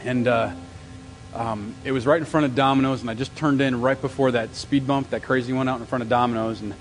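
A male pastor preaching a sermon in an animated way, repeating phrases for emphasis with stumbling restarts. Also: mid-range voice, fairly quick, long reverb tail, soft background music, rough recording. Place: church service.

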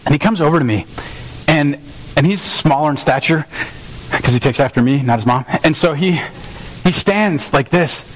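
A man's voice: on the high side, normal speed, pauses often, low-quality recording. A man preaching a sermon as a pastor, telling a family story in an earnest, conversational way with frequent restarts. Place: church sanctuary.

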